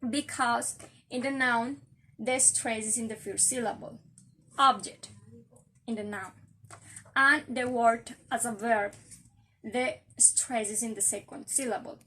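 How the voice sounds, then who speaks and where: A young woman with a Colombian Spanish accent gives a student class presentation on word stress, slow, careful and explanatory. Her voice is on the high side with a sharp tone and fairly even intonation, and there's slight background noise.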